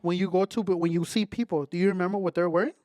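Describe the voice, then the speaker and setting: A man's voice: high voice, steady tone, racing, a little mellow, dry recording, clean studio sound. A man, a podcast co-host who argues his point in casual chat and drops "güey" into his speech. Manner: argumentative, peppers speech with "güey".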